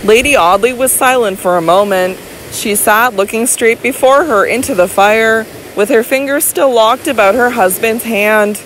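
A woman's voice: a little high, normal speed, few pauses, fairly bright tone, slight background noise, poor audio. Woman narrating a classic novel dramatically. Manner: dramatic, impassioned literary reading. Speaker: audiobook narrator. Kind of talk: scripted narration.

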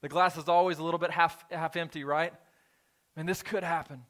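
A man, a pastor, preaching a sermon in a church, moving between quiet scripture reading and emphatic appeals. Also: a little high, fairly even intonation, fairly quick. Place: church sanctuary.

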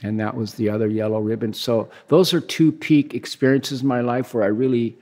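A man in his sixties from the United States, telling stories as a guest in a relaxed, rambling way and acting out the dialogue he quotes. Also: medium pitch, fairly quick. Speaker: guest, big-wave surfer. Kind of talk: casual storytelling interview.

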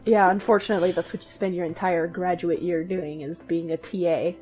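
A woman co-hosting a podcast in casual discussion, chatty and quick to laugh. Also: lowish voice, fairly even intonation, mellow, soft background music. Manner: chatty, laughs often, lots of "like" fillers. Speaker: podcast co-host.

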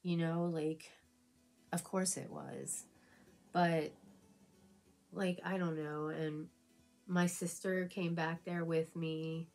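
A woman's voice: lowish voice, little pitch movement, takes it slowly, long pauses, darkish tone, faint music behind. A woman vlogger chatting casually while getting ready, telling an emotional personal story full of fillers and repeats. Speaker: beauty vlogger. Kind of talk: casual chat during a get-ready-with-me video.

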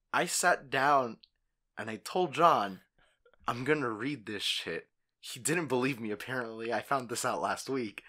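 A man's voice: medium pitch, sharp tone. A young man co-hosting a podcast, chatting casually and swearing now and then. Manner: laid-back, swears casually. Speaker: podcast co-host. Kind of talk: casual chat.

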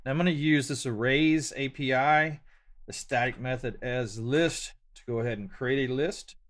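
A man's voice: mid-range voice, moderate pace, fairly bright tone. Easygoing man with a Louisiana drawl. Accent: Louisiana Southern US. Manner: easygoing, chatty, jokes about himself. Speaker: programming tutorial host. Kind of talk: screen-share coding lesson.

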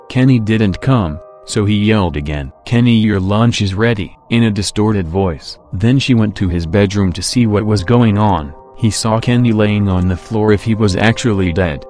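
Guy reading a creepypasta, low steady voice, faint music behind. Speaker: narrator.

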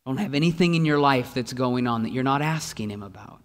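A man's voice: mid-range voice, animated, brisk, big-room sound. A man, a pastor, preaching a sermon with lots of energy and repeated rhetorical questions to the congregation, sometimes acting out the voices of the people he quotes. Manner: acts out voices in quoted lines. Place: church sanctuary.

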